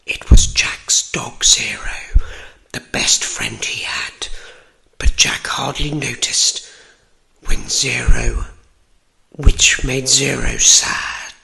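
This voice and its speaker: Man, whispered storybook reading, very slow, gravelly, bright-edged. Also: mid-range voice, steady tone. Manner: slow, gentle, soothing whisper. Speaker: ASMR storyteller.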